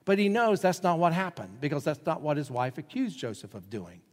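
A man's voice: a little high, big pitch swings, a little fast. Man preaching in a reverberant hall. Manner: dramatic preaching, swings from loud emphatic to hushed. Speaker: pastor. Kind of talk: sermon.

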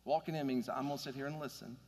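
Earnest preacher in a reverberant hall. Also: male voice, mid-range voice, fairly even intonation, rapid-fire, darkish tone. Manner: earnest, conversational preaching with rising emphasis. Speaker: pastor. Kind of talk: sermon.

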